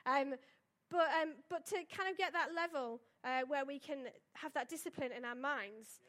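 High-voiced chatty woman preaching. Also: normal speed, fairly bright tone. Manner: chatty, storytelling, with tag questions and fillers. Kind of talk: casual sermon.

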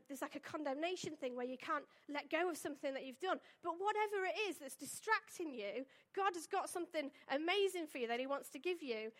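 High-voiced woman preaching. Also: a bit bright. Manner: chatty, conversational, with fillers and asides. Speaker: church speaker. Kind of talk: informal sermon with a Bible reading.

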